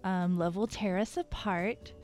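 A woman's voice: fairly low pitch, fairly even intonation, a little slow, a little mellow. A young woman co-hosting a casual podcast, chatting and introducing songs with a jokey, giggly manner. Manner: giggly, jokey, breaks into laughter. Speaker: podcast co-host. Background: faint music.

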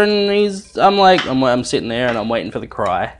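A young man, a dad telling a family story in a lively, laughing way, swearing freely while he cooks at home in the kitchen. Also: mid-range voice, a little fast, a little hiss or hum. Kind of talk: animated casual storytelling.

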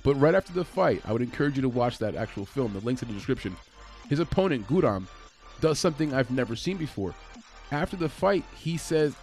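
A man's voice: mid-range voice, lively intonation, fast, darkish tone, soft background music. A man giving a casual, conversational breakdown of an upcoming fight, with frequent fillers and restarts. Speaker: MMA fight analyst.

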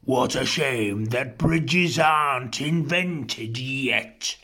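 A man voicing a mean, grim Tyrannosaurus couple in a storybook, chanting low and grumbling. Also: drawn-out words, sharp tone, husky, full character voice. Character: mean grim male and female Tyrannosaurus pair.

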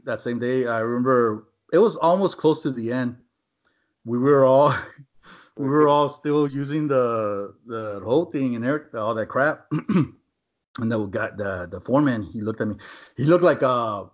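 Profane, rambling man telling a story. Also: medium pitch. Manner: rambling, profane, many fillers like "man" and "right?". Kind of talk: casual storytelling among friends. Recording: dull lo-fi recording.

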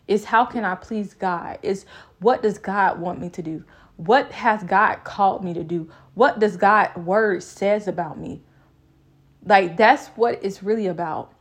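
A woman's voice: mid-range voice, measured pace. A young adult woman vlogging a personal faith reflection, with an emphatic, repetitive, preaching cadence.

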